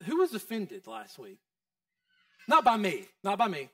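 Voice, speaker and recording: High, lively pastor preaching. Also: male voice, measured pace, no room sound, studio quality, recorded from a distance. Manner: conversational, quizzing the congregation. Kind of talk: sermon. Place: church.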